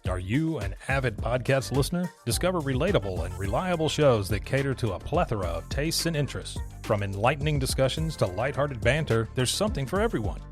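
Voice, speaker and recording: A man's voice: medium pitch, big pitch swings, fairly quick, few pauses. A man reading a scripted podcast-network promo in an upbeat, salesy way. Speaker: ad announcer. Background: faint music bed.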